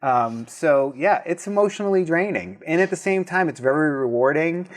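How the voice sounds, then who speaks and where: A man's voice: fairly high pitch, lively intonation, moderate pace. A man with a Boston accent, a breathwork teacher being interviewed, talking openly and emotionally in a rambling casual way. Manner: open, emotional, rambling with restarts.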